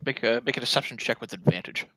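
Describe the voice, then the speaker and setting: A man narrating a tabletop game as game master, calm and descriptive. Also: mid-range voice, fast talker, slight background noise, low-quality recording.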